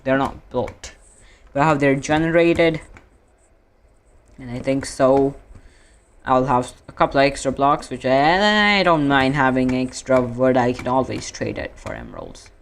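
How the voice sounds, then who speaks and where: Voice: mid-range voice, animated, creaky. A streamer from India chatting casually while gaming, rambling and often correcting himself mid-sentence. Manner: rambling, self-correcting, drawn-out fillers.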